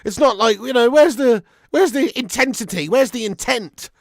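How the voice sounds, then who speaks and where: A man hosting a live football watch-along, commentating on play and chatting with viewers. He swears a lot and swings between excited shouting and flat grumbling. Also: extremely high pitch, normal speed, gravelly, dry recording, clean studio sound. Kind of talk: live match commentary and fan chat.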